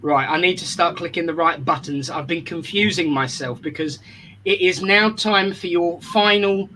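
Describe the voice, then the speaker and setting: Man, minister hosting an online service, bright forceful voice, slightly high, chatty and affectionate. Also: normal speed, a little hiss or hum, poor audio. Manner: chatty, affectionate, stumbles over restarts.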